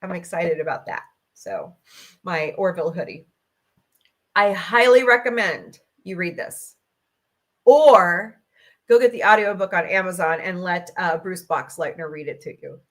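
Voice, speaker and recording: Using her laptop mic at home, a middle-aged podcast host runs a casual livestream in a lowish voice with lively intonation, speaking a little slowly. She vents with emotion and at times sounds close to tears.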